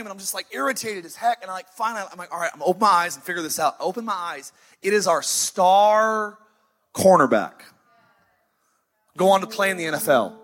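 Brief: man, 30s, pastor mid-sermon, husky and high, faint music under him. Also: bright, forceful tone. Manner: emphatic, storytelling with sighs and dramatic pauses. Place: church sanctuary, live.

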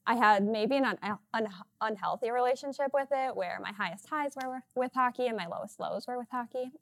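A woman from Minnesota, a runner on a panel, talking casually with quick, laughing, self-deprecating remarks. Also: medium pitch, a bit bright. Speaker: runner guest.

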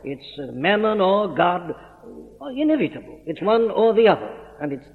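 A man's voice: high-pitched, big pitch swings, moderate pace. A man preaching an expository sermon, emphatic and earnest, stressing and repeating key words. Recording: old lo-fi hall recording.

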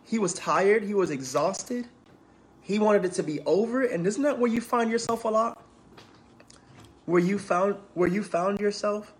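Guy preaching, reads scripture then chats with the church, kinda high voice. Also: a little slow. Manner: addresses congregation as y'all, reads scripture aloud then preaches conversationally. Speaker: preacher and counselor in training. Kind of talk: sermon with scripture reading.

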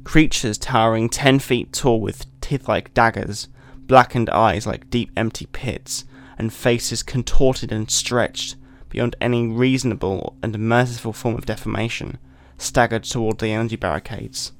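A man hosting a podcast, giving a measured, deliberate dramatic reading of a short story. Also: lowish voice, fairly even intonation. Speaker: podcast host.

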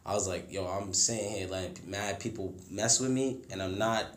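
A young man telling a story in casual, slangy chat. He acts out the people in his story by jumping into a much higher, louder voice. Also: normal speed, roomy sound. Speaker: podcast guest telling a story.

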